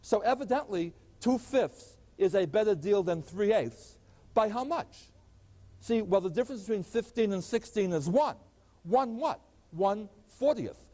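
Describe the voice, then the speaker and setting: Guy giving a math lecture, high-ish voice, long hall echo, keeps asking rhetorical questions. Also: lively intonation, a little slow, warm tone. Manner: explains step by step with rhetorical questions. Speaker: mathematics lecturer.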